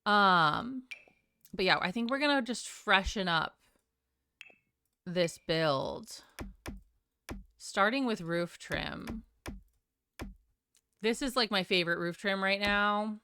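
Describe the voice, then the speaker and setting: A woman's voice: medium pitch, expressive, slow, pauses often, bright, forceful tone, a little hiss or hum. Sing-songy chatty woman streamer. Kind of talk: casual live-stream chat while gaming.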